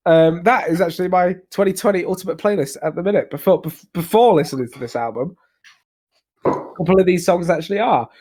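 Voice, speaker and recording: A man's voice: high-pitched, quick pace, darkish tone, breathy edge. A young man co-hosting a casual album review chat, rambling and hesitant, swearing and laughing often. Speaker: podcast co-host reviewing albums. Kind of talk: casual banter.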